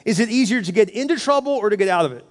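Animated pastor with a high voice. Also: male voice, racing. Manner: animated, acts out his own inner voice. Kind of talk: sermon. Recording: long hall reverb.

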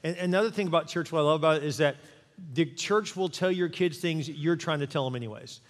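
Animated middle-aged male pastor preaching. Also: fairly high pitch, fast talker, in a large hall. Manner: animated, conversational preaching with acted-out quotes. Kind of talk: sermon. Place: church sanctuary.

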